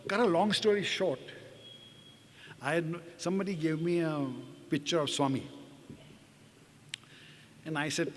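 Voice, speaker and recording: A man's voice: fairly high pitch, steady tone, moderate pace, pauses often, a little hiss or hum. An older man, a doctor telling a personal story earnestly, often repeating words and acting out what others said. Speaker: doctor giving a talk. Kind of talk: personal testimony talk. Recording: large hall with faint ambience.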